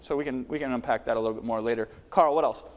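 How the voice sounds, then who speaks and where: A man teaching a live workshop on selling, who demonstrates delivery by swinging his volume, pace and pitch. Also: very fast, long reverb tail. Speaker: webinar trainer.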